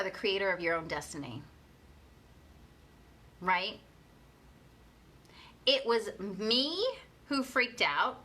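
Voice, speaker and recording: Young female life coach, chatty live talk, bright tone, repeats herself. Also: medium pitch, animated, slow pace, long pauses. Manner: chatty, repeats herself, reads viewer comments aloud.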